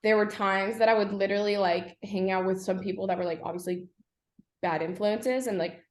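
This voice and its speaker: A woman's voice: medium pitch, fairly even intonation. Candid young woman in an echoey room. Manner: candid, halting, frequent "like" and "um". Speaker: guest. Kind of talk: personal story in a podcast interview.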